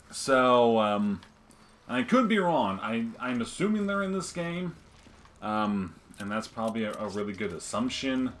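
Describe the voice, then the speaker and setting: Man, gameplay banter host, teasing and cursing, lively pitch. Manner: joking, swearing, teasing. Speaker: let's play host. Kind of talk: casual gameplay chat.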